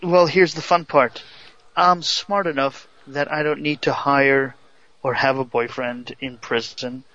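A man's voice: mid-range voice, fairly even intonation, measured pace, sharp tone, no room sound. Sarcastic man on a dull line. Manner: teasing, sarcastic. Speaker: radio show co-host. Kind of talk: casual banter.

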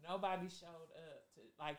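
A woman telling a story in casual group chat, animated, dropping low for quoted asides and bursting out loud and laughing. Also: moderate pace, a little hiss or hum.

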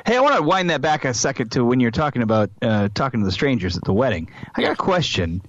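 Middle-aged male co-host, wry and animated, lively pitch, dull dry lo-fi sound. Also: quick pace, a little hiss or hum. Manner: playful, wry, builds extended jokey metaphors. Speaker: podcast co-host. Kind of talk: casual chat.

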